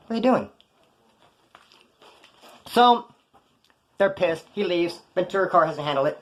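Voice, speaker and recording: An animated, high-pitched former inmate tells prison stories at a measured pace with long pauses. He talks casually in profane street slang, going off on tangents and correcting himself mid-story.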